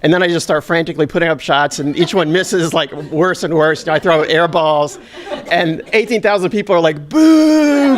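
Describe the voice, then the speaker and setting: A man telling a humorous personal story on stage to a live audience, with a self-deprecating, animated delivery. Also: on the high side.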